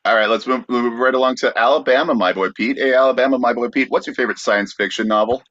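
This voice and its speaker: A man's voice: mid-range voice, fast talker, a bit bright, muffled recording. A man hosting a comedy podcast, easygoing and full of fillers. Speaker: podcast host. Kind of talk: casual comedy banter.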